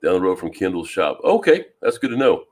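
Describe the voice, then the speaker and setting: A man from Louisiana hosting a fishing live stream, chatting casually and greeting viewers by name with a deep voice and plenty of ums. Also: sing-song, a little fast. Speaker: fishing channel host. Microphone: new microphone.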